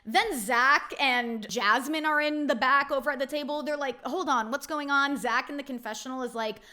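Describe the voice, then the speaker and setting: A woman's voice: sits high, moderate pace, sharp tone. A young woman recapping reality TV in a blunt, opinionated chat, swearing freely and saying "like" often.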